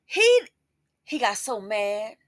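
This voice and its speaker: A woman's voice: medium pitch, big pitch swings, slow pace, no echo. A woman giving sassy, scolding commentary in a casual style. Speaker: commentary host.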